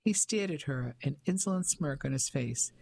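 A male audiobook narrator reading a novel in a measured, expressive way. His voice sits a little above the usual male range. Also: a little high, creaky. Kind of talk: scripted narration.

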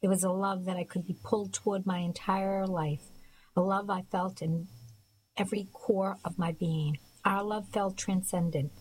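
A woman reading a first-person novel aloud in a soft, measured, reflective way. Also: medium pitch, fairly even intonation, a little hiss or hum, low-quality recording. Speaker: audiobook narrator. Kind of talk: scripted first-person narration.

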